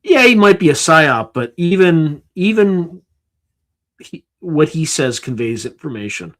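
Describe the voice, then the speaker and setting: A man's voice: fairly high pitch, big pitch swings, unhurried, fairly bright tone. A man hosting a live stream, tired and yawning, reading through a list in a casual, offhand way with sarcastic asides. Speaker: livestream host.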